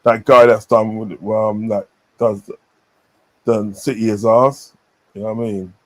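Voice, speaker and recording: A man's voice: on the low side, level tone, unhurried. A man chatting casually on a stream, rambling with many fillers and repeated phrases. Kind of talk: casual chat.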